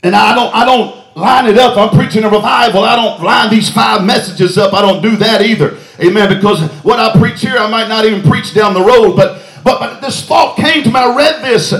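A man preaching a revival in a church, his voice pitched very high for a man. He shouts with fervor and fills the gaps with "uh" and "hallelujah," and the sanctuary rings with echo around him. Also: normal speed, few pauses. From Texas. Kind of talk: revival sermon.

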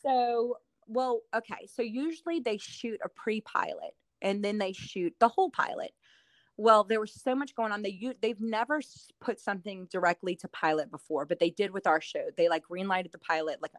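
A woman's voice: medium pitch, normal speed, no room sound. Chatty, giggly woman in a dry room. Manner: giggly, chatty storyteller with lots of fillers. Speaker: real estate agent and TV show host. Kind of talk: casual interview chat.

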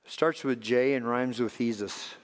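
Guy preaching a sermon, loud then real quiet, echoey church sound. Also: medium pitch, fairly even intonation, a little slow. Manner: dynamic preaching, swings from loud emphatic to soft and hushed. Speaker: pastor. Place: church sanctuary. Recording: long reverb of a large hall.

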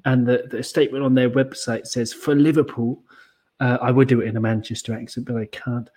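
Husky-voiced man hosting a football chat. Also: mid-range voice, fairly quick. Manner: questioning, lively, steering the talk. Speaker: podcast host.

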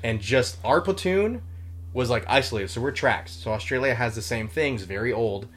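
A young former Marine guesting on a podcast chats casually in a medium-pitched, slightly rough voice, animated and at a moderate pace. He rambles through stories, swearing a lot and leaning on many fillers.

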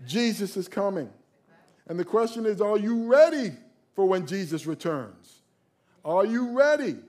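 A man preaching a sermon with passion, repeating key phrases and swinging from loud declarations to quiet asides. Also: high voice.

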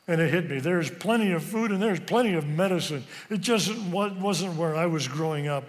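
Earnest storytelling man in a reverberant hall. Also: a little high. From West Africa. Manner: earnest, emotional, slow pauses with hesitations. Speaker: speaker. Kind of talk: personal storytelling speech. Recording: long reverb of a large hall.

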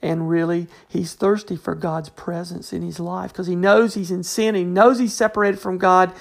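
Woman, Bible teacher, relaxed unscripted delivery, some fry in the voice. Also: on the low side, moderate pace. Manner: conversational, fills with "you know", restarts often. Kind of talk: informal Bible study talk.

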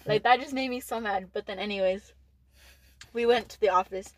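A woman's voice: mid-range voice, brisk, dry recording, rough recording. Rambling, cursing teenage girl storyteller. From Texas. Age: late teens. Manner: rambling, heavy use of "like", frequent swearing. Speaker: podcast co-host. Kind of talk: casual storytelling chat.

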